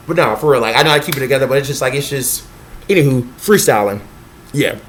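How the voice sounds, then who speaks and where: A young man rambling in a casual vlog monologue, excitable and profane, jumping between thoughts and acting out quotes. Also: quick pace, a little hiss or hum. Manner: scattered, excitable, profane, acts out quotes in a high voice. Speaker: vlogger.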